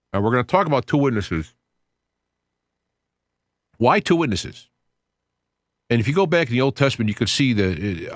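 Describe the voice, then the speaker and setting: Earnest rambling man on a dry mic. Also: no room sound. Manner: rambling, restarts phrases, reads Bible passages aloud; earnest, sudden rises in pitch when excited. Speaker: podcast host. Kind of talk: casual talk on scripture.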